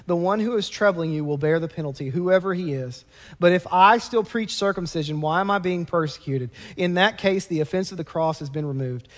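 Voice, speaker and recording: A man with a drawl preaching from the pulpit, his voice pitched high for a man. He moves between easy, conversational explanation and fervent, emphatic bursts, and his words ring out through a church sanctuary with a long, echoing reverb. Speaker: pastor. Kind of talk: sermon.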